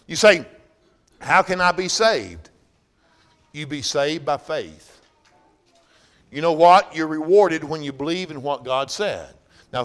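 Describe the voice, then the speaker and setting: A man preaching a sermon, swinging from loud bursts down to hushed, low-voiced passages.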